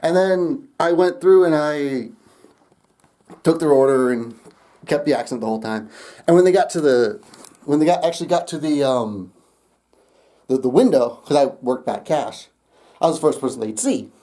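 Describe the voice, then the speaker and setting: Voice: medium pitch, lively intonation, moderate pace, pauses often, warm tone. A young adult vlogger telling a rambling story straight to camera, laughing often and swearing casually.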